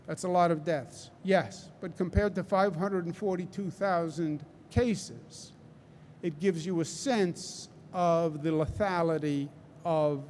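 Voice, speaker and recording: Slow, high-voiced man with a Queens accent. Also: a little mellow, slight background noise. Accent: Queens New York. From New York. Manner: emphatic, repeats key phrases for stress. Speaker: governor giving a press briefing. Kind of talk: public press briefing. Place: large indoor hall.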